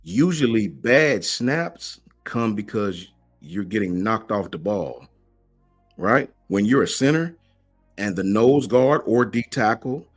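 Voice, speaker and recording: A man's voice: lowish voice, animated, slow pace, slightly rough, soft background music. A man hosts a livestream and answers the chat, emphatic and slangy, firing off rhetorical questions. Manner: slangy, keeps asking "right?". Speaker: host of a college football fan channel.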